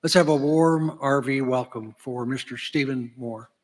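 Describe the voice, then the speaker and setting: A man's voice: medium pitch, a little slow. A man acting as emcee, formally reading out a speaker's introduction at an event. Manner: formal, read-aloud listing. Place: large banquet hall. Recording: reverberant hall PA.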